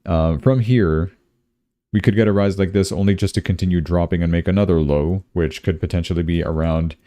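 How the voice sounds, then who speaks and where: Young man, very low voice, mellow dark tone, rambling casual livestream chat, dry close sound. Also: a little fast, no echo. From Canada. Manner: rambling, chatty, says "dude" often. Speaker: crypto livestream host.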